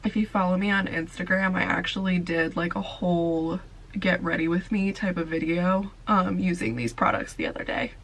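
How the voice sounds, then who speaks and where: A woman's voice: lowish voice, moderate pace, rough recording. A young woman vlogger, tired and sleepy, chatting casually through a makeup tutorial with lots of filler words. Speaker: beauty vlogger.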